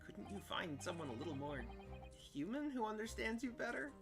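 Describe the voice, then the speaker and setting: A man's voice: sits high, big pitch swings, fairly quick, a bit bright, exaggerated voice. A polite, earnest young lawyer, read by a man in his own voice, plain and questioning. Game music hums behind him.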